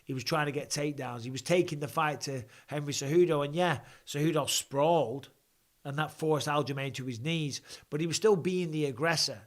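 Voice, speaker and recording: A man with a slightly high voice hosts a live fan Q&A and reaction session, speaking briskly through a blocked nose. He keeps it chatty and unscripted, with frequent restarts and asides.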